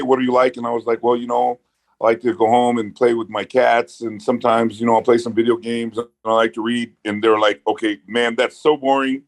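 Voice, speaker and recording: Animated male storyteller, dry close sound. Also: no room sound, poor audio. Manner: animated storyteller, booming hype-man outbursts. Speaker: guest. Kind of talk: casual podcast chat. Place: podcast studio.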